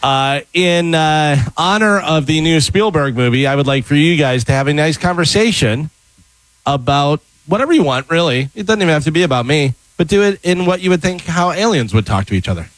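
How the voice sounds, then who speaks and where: A man's voice: fairly high pitch, animated, a little fast, no echo, poor audio. A man co-hosting a radio show, chatting casually and rambling through his stories.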